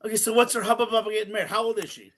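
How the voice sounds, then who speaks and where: A podcast co-host speaks in a high, bright-ish voice with a steady tone, racing through a long story during casual chat. He swears freely and acts out the quotes.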